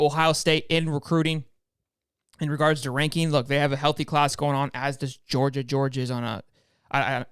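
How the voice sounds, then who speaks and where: A man's voice: on the high side, fairly bright tone, smooth, no echo, studio quality. A man hosting a casual sports podcast, upbeat and joking, often repeating words as he talks. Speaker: podcast host.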